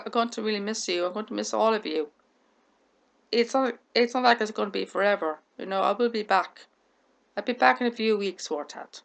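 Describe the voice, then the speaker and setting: Speaking casually to camera, this woman vlogger has a medium-pitched voice touched with vocal fry. Her delivery is marked by a stammer, repeated words, and restarted sentences, and her breath gives out at the close of each sentence.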